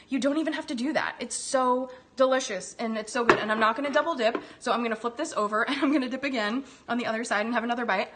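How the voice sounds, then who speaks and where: A woman with a fairly high, slightly bright voice hosts a live cooking show in her home kitchen. She's chatty and effervescent, gushing over the dishes and talking between bites.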